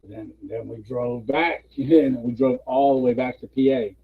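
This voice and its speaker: A man chatting casually on a live stream, telling a funny story with lots of laughter and quick character voices. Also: vocal fry, husky. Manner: animated storyteller, puts on high voices for characters, laughs often. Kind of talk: casual chat, retelling a comic bit. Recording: dull lo-fi stream audio.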